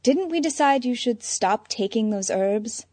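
A woman's voice: fairly high pitch, animated, a little slow, a little mellow, no echo, voice pushed up. A woman voicing a cool, sophisticated woman who chides in a dry, pedantic manner. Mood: dry chiding.

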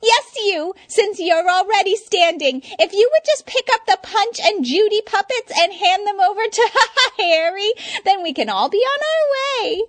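A woman voicing a bubbly, unhinged young female villain with a squeaky, singsong, showy delivery. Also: animated, normal speed, hardly any pauses, no room sound. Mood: manic showy.

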